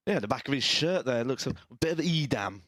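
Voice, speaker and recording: A man commentating on darts with quick, wry quips. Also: mid-range voice, lively intonation, a bit bright, no room sound, clean studio sound. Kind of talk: sports commentary banter.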